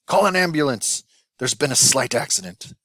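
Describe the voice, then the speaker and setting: A man voicing a flustered male restaurant owner who shouts in a raised, excited voice for a storybook reading. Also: mid-range voice, moderate pace, no echo, pitched above the performer's own voice. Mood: panicked shouting.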